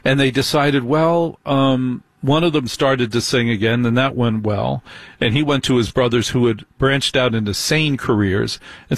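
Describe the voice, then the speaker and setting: A man's voice: mid-range voice, normal speed, no echo. A man giving sarcastic celebrity gossip commentary as a host, with mocking, scornful asides.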